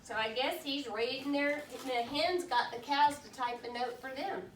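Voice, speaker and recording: A woman teacher reading a picture book aloud to her class, patiently pausing to ask questions and explain words in simple terms. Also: high voice, slight background noise. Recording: echoey classroom from far off.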